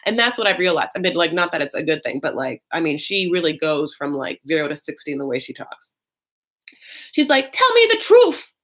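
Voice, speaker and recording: A woman's voice: low voice, quick pace, few pauses, fairly bright tone. Sassy, gossipy woman recapping TV. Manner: sassy, gossipy, lots of "like" and "honey". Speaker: reality TV recap host. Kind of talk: casual recap commentary.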